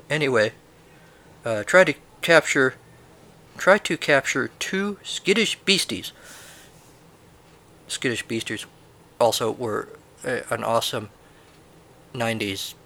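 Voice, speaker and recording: Bright-voiced man with wry asides. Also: fairly low pitch, a little hiss or hum. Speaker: retro game reviewer. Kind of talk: reading a game manual aloud with commentary.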